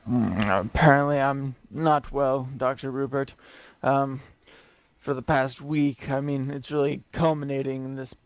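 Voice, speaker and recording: A man's voice: medium pitch, gravelly, smooth, no room sound. Male player, hesitant in-character talk, dry close sound. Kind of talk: in-character tabletop play.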